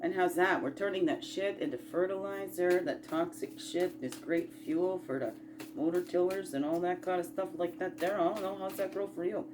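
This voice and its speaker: A woman's voice: on the low side, steady tone, moderate pace, background noise. Rambling, playful woman coaching self-growth. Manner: rambling, playful, folksy and encouraging, with asides and rhetorical questions; swings between loud bursts and quiet murmurs. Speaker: spiritual self-growth host. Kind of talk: casual motivational chat.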